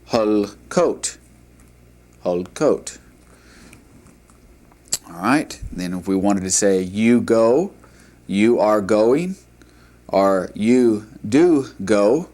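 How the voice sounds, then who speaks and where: Slow, low-voiced man teaching a language. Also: darkish tone. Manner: deliberate, repeats and models pronunciation. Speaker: Hebrew teacher. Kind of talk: slow classroom lecture.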